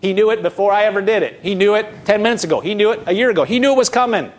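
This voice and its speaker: A man's voice: high-pitched, rapid-fire. A middle-aged man preaching an earnest, conversational sermon, asking rhetorical questions and often restarting his sentences. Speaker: pastor.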